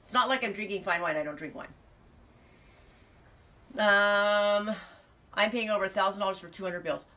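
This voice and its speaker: A woman's voice: medium pitch, normal speed, pauses often, bright, forceful tone, far from the mic. A woman from California chatting casually and rambling as she reads out viewer comments, laughing often. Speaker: farm vlogger reading viewer comments. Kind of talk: casual chat.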